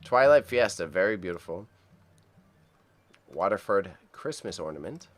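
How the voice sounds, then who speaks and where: A man's voice: low-pitched, animated, moderate pace. A man hosting a casual livestream, chatty and upbeat, talking to viewers in the chat and reading item names aloud as he stumbles over tricky words. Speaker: livestream host reacting to auction items.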